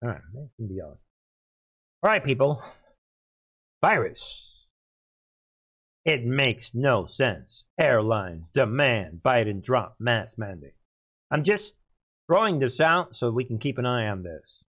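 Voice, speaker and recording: A man hosting a solo commentary show, excitable and quick to laugh, often talking loudly to his audience. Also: mid-range voice. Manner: excitable, keeps laughing, calls the audience "people", gets loud. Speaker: channel host.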